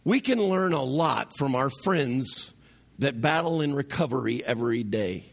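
A man's voice: mid-range voice, animated, a little slow, gravelly. A man preaching a conversational sermon to his congregation in a church, asking them questions as he goes. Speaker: pastor. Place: church sanctuary.

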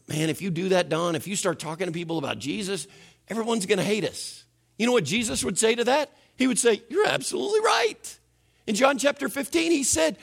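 A man preaching a sermon as pastor in a church, animated and asking the congregation questions. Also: a little high, vocal fry.

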